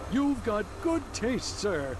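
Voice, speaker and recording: A man's voice: sits high, very animated, slow pace, heavily acted. A man voicing a cheery, formal male kiosk clerk who speaks politely like a salesman. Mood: chipper.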